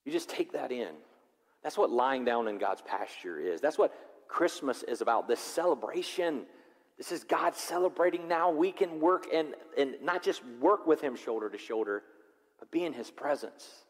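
A male pastor preaching a sermon. He moves from loud, rising preaching to quiet, reflective passages. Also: medium pitch, normal speed. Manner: animated, swings from loud preaching to soft reflection. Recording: long hall reverb.

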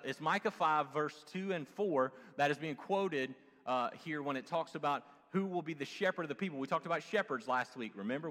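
A man with a light Southern US accent preaching a sermon as pastor, swinging between loud exclamations and hushed low asides. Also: big-room sound.

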